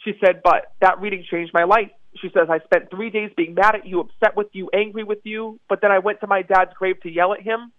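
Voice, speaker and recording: A man's voice: sits high, fairly even intonation, fairly quick, hardly any pauses, no echo. A man, a medium, telling stories eagerly in a phone-in interview and repeating words for emphasis. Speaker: psychic medium guest. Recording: tinny phone line.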